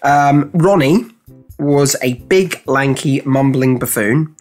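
A man's voice: mid-range voice, slow, darkish tone, soft background music. A man hosting a comedy podcast and telling a story in casual chat, laughing and swearing. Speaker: podcast co-host.

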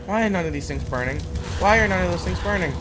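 A man's voice: sits high, expressive, quick pace, music in the background. A young man giving let's play commentary, jumpy and sarcastic, yelping when startled. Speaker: gamer.

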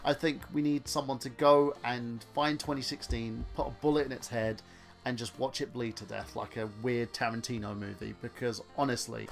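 English male vlogger, gravelly, earnest and rambling, at a middling pitch. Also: fairly even intonation, moderate pace, music in the background. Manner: earnest, rambling, with many restarts. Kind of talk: casual opinion vlog.

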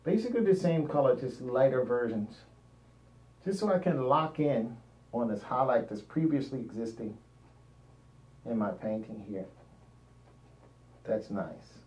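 A man's voice: mid-range voice, lively intonation, a little slow, pauses often, darkish tone. A man narrating a painting demonstration, thinking aloud as he works and often trailing off mid-sentence. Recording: roomy, dull lo-fi sound, mic at a distance.

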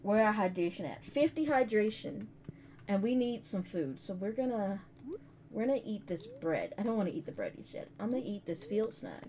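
A woman's voice: medium pitch, sing-song, moderate pace, dark tone, a little hiss or hum. A woman in her thirties casually commenting on her gameplay, chatty, slangy and self-mocking. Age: 30s. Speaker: gaming video host. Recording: game music behind. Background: game music.

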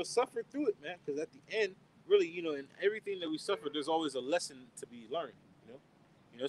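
A man's voice: on the high side, slight background noise, low-quality recording. A man leading an informal outdoor Bible study as preacher, who ends nearly every phrase with "man" or "okay?" and asks questions he then answers himself.

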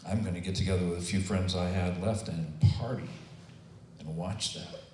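Older man, earnest testimony, lowish voice, heard from a distance in a roomy space. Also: fairly even intonation, normal speed, darkish tone, a little hiss or hum. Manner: earnest, emotional, quotes himself and others in acted voices. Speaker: testimony speaker. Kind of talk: personal testimony storytelling.

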